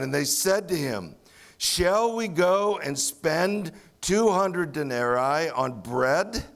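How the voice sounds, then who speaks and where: A man preaching a sermon as pastor, explaining scripture verse by verse and acting out the disciples' sarcastic replies. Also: fairly high pitch. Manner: expository preaching, acts out sarcastic voices of the disciples.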